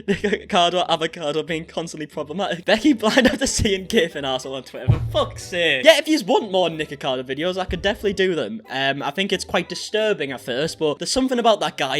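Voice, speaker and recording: Young man, high voice, quick talker, swears a lot, casual reaction commentary. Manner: swearing, animated, laughing often. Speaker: reaction video host.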